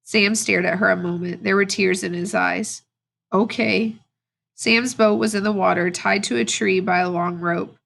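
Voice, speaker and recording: Brief: female teacher reading a novel aloud to students, steady, with a gravelly fry. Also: mid-range voice, moderate pace, hardly any pauses. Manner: steady, plain read-aloud with brief asides to the class.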